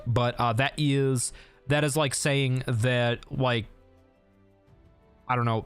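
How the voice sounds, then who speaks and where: Young male streamer, rambling casual gaming chat, average pitch, faint music bed. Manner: rambling, easily sidetracked, laughs at own stories.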